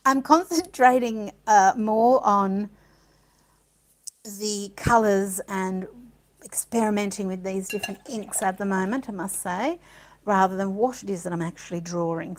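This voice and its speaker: In a roughly recorded clip, a female art supplies presenter with a mid-range voice demonstrates casually, musing aloud while working and letting out small delighted gasps.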